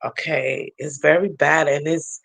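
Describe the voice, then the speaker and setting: A woman's voice: deep voice, steady tone, measured pace, creaky, fairly bright tone, breathy edge, poor audio. A woman giving a spiritual reading and vlogging in a casual, earnest storytelling manner, breaking into laughter often. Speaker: spiritual reader. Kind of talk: casual spiritual vlog talk.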